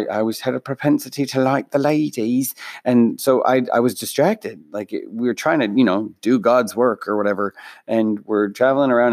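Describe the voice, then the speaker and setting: A man's voice: on the low side, darkish tone. A man from Minnesota with a Minnesotan accent, hosting a podcast from home late at night and telling rambling, self-deprecating stories. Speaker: podcast host. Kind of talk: casual storytelling monologue.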